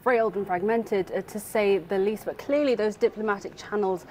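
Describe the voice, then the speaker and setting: A woman correspondent with a mid-range voice reporting live for the news. She speaks in a measured way, with a faint ambient hum behind her. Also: mid-range voice, darkish tone.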